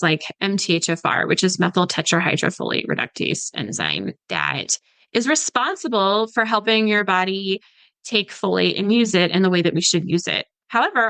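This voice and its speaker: On a podcast, a woman dietitian in her thirties talks through supplements casually, peppering her explanation with "like" and mimicking patients. Her mid-range voice is a bit bright, captured in a dry recording with poor audio.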